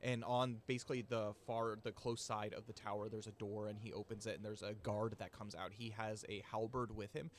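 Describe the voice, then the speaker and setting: A man running a tabletop game as game master, describing scenes in loose, filler-heavy narration and dropping into quick voices for the characters. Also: fairly low pitch, a little hiss or hum.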